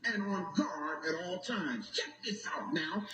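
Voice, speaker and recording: A man with a very high voice preaches slowly to a congregation, his pitch swinging widely. He reads passages aloud and keeps turning to the crowd with questions, sometimes building to a shout. The room is echoey, with clear noise behind him. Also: lively intonation. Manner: reads a text aloud and breaks off to ask the audience questions; swells into shouted emphasis. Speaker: lecturer speaking to a congregation. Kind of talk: impassioned preaching lecture.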